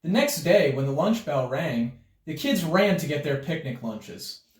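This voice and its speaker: Lively man reading a children's story aloud. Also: a little high, measured pace. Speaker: storybook reader. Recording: roomy sound from a distance.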